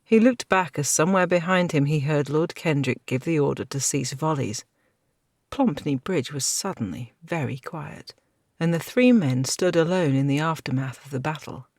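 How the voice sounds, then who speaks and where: A woman narrating a fantasy audiobook with a steady, dramatic reading. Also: low voice, moderate pace, no room sound, clean studio sound.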